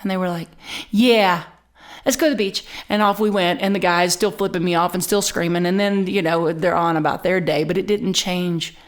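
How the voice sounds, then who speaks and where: A middle-aged woman minister preaching a sermon, telling a personal story with lively, animated delivery and frequent repeats and restarts. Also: on the low side, moderate pace. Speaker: spiritual community minister.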